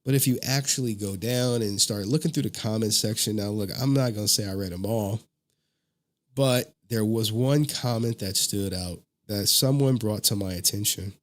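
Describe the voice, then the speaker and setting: A man's voice: lowish voice, normal speed. Laughing, slangy man hosting commentary. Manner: animated, swears, laughs often, slangy. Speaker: online commentary host. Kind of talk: casual commentary.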